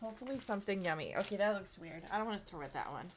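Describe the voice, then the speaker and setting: A woman's voice: medium pitch, animated, rapid-fire, a little hiss or hum. A woman in her thirties chatting casually to her live-stream audience, rambling with plenty of fillers. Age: 30s.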